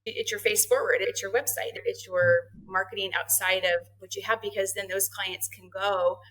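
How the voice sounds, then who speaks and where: A middle-aged woman, a guest on a podcast, telling her story in a casual interview, lively and quick to laugh, acting out the dialogue she quotes. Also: medium pitch, rough recording. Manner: animated, acts out quoted dialogue, laughs often. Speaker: marketing and HR head, podcast guest.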